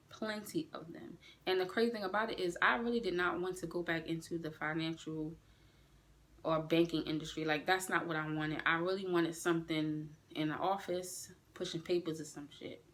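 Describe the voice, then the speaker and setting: Woman doing a storytime vlog, bright punchy voice, animated and cussing a lot. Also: normal speed. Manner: animated, profane, swings up in pitch when indignant. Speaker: vlogger. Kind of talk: storytime vlog, casual venting.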